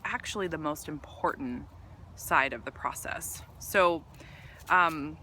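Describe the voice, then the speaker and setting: Earnest woman coach, bright tone, loose rambling delivery full of fillers, talking straight to camera. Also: sits low, takes it slowly, a little hiss or hum. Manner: earnest, rambling, many ums and restarts. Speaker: business coach for women entrepreneurs. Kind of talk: casual talk to camera. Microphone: camera mic.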